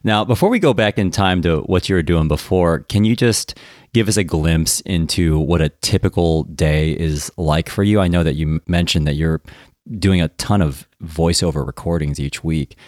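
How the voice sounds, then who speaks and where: Very deep-voiced American man hosting. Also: moderate pace, a little mellow, no echo, studio quality. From United States. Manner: friendly, curious questioning. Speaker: interview host. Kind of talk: casual interview chat.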